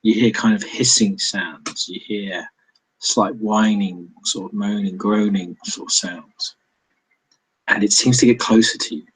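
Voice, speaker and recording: A man running a tabletop role-playing game, narrating scenes haltingly with many restarts. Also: on the low side, steady tone, breathy edge, low-quality recording. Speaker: game master.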